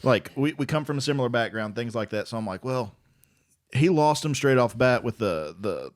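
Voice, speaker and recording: Easygoing male co-host, mid pitch, conversational. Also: expressive, normal speed, dry recording, clean studio sound. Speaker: podcast co-host, comedian. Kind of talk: casual chat.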